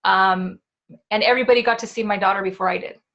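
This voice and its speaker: Woman host, candid storytelling, lots of "like" and "right?", mid pitch. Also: fairly even intonation, a bit bright, dull audio. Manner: candid, quick restarts, often says "like" and "right?". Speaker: podcast host. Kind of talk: personal storytelling.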